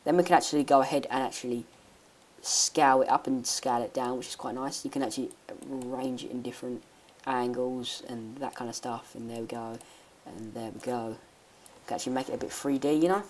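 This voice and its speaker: A woman giving a rambling, hesitant software tutorial with many restarts. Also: very deep voice, steady tone, a little fast, slight background noise. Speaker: tech YouTuber. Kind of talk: screen-recording software tutorial.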